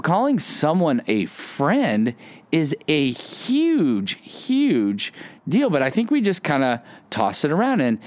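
A man's voice: medium pitch, no room sound. A man giving a conversational sermon, telling a personal story and acting out the dialogue in it. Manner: storytelling, animated, acts out quoted dialogue. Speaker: pastor.

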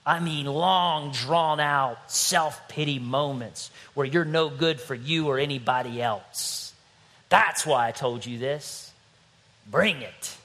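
A middle-aged man preaching a sermon as pastor, animated and playful, acting out little scenes. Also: fairly high pitch, takes it slowly.

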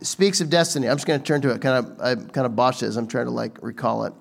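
A man's voice: mid-range voice, fast, gravelly. A man giving a casual, conversational sermon, talking informally with frequent restarts and asides to the audience. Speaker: preacher.

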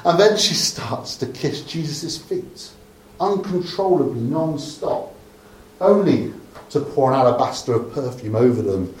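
A man from Dorset preaches a sermon, telling the story in a chatty, joking way. His voice sits at a middle pitch. The recording is roomy and echoey, with faint background noise. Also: animated, a little slow. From Dorset, England. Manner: conversational storytelling, humorous asides, softening to a hush at the close. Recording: echoey room.

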